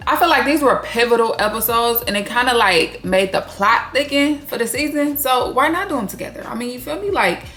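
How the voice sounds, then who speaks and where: A woman's voice: on the high side, expressive, brisk, hardly any pauses, fairly bright tone, faint music behind. A woman hosting her own video channel, giving a casual, blunt and profane reality TV recap full of slang. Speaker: YouTube recap host.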